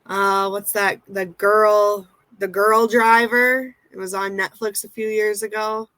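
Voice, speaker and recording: A woman's voice: mid-range voice, flat delivery, slow pace, bright, forceful tone, dry recording. A young woman with a Minnesota accent, a race car driver giving brief, easygoing answers in an interview.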